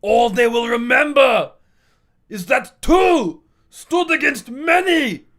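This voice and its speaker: A man's voice: extremely high pitch, lively intonation, takes it slowly, a bit bright, pitched above the performer's own voice, full character voice. A man doing a screaming movie impression of a barbarian hero praying to his god. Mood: shouting, pleading.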